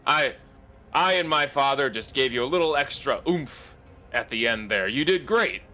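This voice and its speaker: A man's voice: medium pitch, lively intonation, moderate pace, sharp tone. A man doing a cocky, jovial demigod's son. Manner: joking, boastful, laughing easily.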